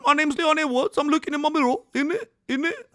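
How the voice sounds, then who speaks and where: A man doing a squeaky mock-British fighter. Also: animated, fast talker, sharp tone, no echo, studio quality, heavily acted. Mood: cocky. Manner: clumsy exaggerated British accent, repeating tag questions. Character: mock-British male fighter psyching himself up in a mirror.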